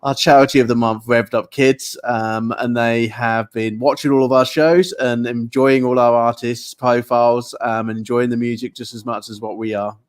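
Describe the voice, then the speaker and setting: A man's voice: medium pitch, little pitch movement, moderate pace, few pauses. Male host, casual interview chat, gushing and upbeat. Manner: enthusiastic, effusive praise. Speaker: show host.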